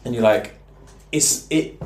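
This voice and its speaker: A young man, telling animated stories in a casual chat and laughing often. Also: medium pitch, a little slow. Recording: echoey room.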